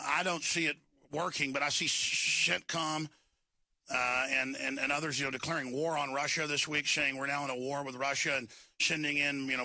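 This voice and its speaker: A man's voice: on the high side, bright, forceful tone, no room sound. A man hosting an interview, speaking in an emphatic, alarmed way. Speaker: host.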